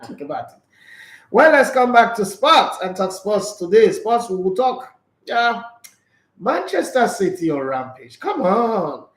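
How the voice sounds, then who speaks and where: Male sports radio host, playful and animated, highish voice, roomy echo. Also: measured pace. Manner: chatty, joking, animated. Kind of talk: casual sports talk show.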